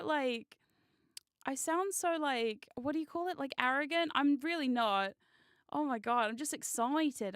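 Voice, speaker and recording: A woman streamer chatting casually on a live stream, excitable and giggly, swearing freely. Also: high voice, clear, resonant tone, no echo. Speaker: VTuber streamer.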